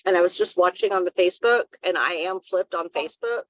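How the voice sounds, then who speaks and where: A woman's voice: on the low side, a little fast, dry recording, muffled recording. A woman co-hosting a live wellness talk stream, giving earnest advice in a casual, rambling way.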